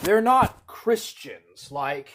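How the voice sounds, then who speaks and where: A man hosting a livestream, rambling through a monologue and reading out chat messages, repeating himself and drifting between loud and muttered. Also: high voice, sing-song, very slow. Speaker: livestream host.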